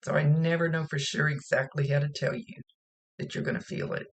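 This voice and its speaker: In this recorded psychic reading, a woman relays spirit messages in an ordinary, conversational way. She talks fairly quickly in a low, gravelly voice with little movement in pitch.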